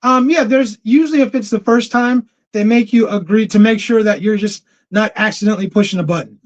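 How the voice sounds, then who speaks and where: A man's voice: high-pitched, brisk. A man hosting a casual livestream, talking loosely in slang with laughs and restarts. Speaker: livestream host. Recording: dull lo-fi stream audio.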